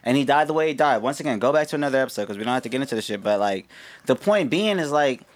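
This co-host of a casual American podcast talks in a rapid-fire, expressive way, swearing freely and restarting often amid plenty of fillers. His voice is mid-range.

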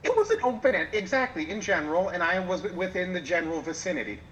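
A man's voice: high voice, big pitch swings, fast, a bit bright, dull audio, slight background noise. A man chatting as a podcast guest, playful and rambling, often correcting himself mid-sentence. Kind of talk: casual chat.

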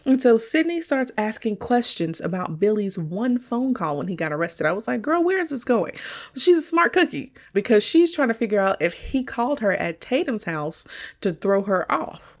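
A woman's voice: medium pitch, very animated, moderate pace. A woman casually recapping a horror movie plot, chatty and often laughing. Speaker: podcast host.

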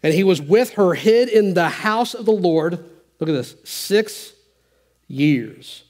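Male preacher with a high voice, animated sermon delivery, reading scripture and commenting on it. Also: takes it slowly. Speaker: pastor.

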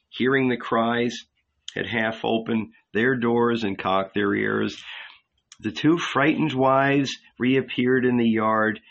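An audiobook narrator with a medium-pitched voice reads a novel in a measured storytelling manner. This scripted narration comes through a dull, lo-fi recording.

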